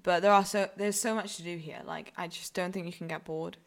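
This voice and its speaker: A young adult university student from Newcastle, northern England, co-hosts a casual podcast with a northern English accent, rambling with fillers and restarts. Her voice is low, gravelly and steady in tone, moving fairly quickly.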